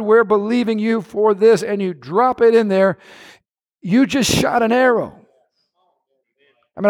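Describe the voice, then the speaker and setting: Male pastor, middle-aged, high-pitched voice, animated preaching style that jumps from shouts to near-whispers. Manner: animated, swings between shouts and hushed asides. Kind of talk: sermon.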